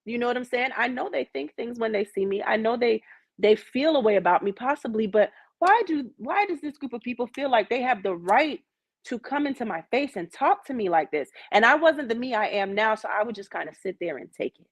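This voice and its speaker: A young adult woman from Jamaica hosting a casual group discussion, speaking candidly and telling personal stories with animated asides. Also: fairly high pitch, brisk, dry recording.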